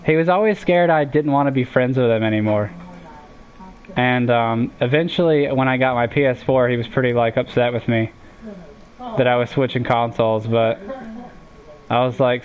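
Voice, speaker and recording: A man talking casually over a video game, drifting into rambling stories. He is laid-back and swears freely, at a middle pitch. The mic sounds a little dull. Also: moderate pace. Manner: rambling, laid-back storytelling with profanity and laughs. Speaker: game commentator. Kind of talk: casual let's-play commentary.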